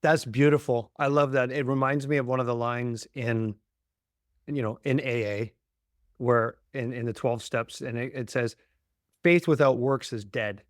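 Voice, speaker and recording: A man's voice: mid-range voice, little pitch movement, normal speed, dry recording, studio quality. Reflective male podcast host. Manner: reflective, searching for words, uses "you know" and "like". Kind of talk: conversational interview.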